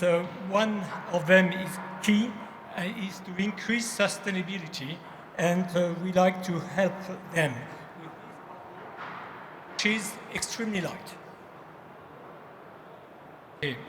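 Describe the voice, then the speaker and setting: Man with french accent, startup pitch, high voice, hesitant halting delivery, echoey hall, noisy background. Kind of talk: business pitch presentation. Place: large exhibition hall stage.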